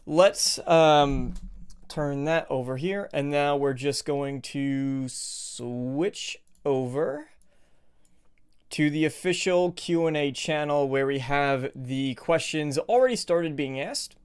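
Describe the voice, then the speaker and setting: Chatty, clear-voiced male streamer. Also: on the high side, slow pace. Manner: chatty, rambling, greets viewers by name. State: a little out of breath. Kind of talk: casual live stream chat.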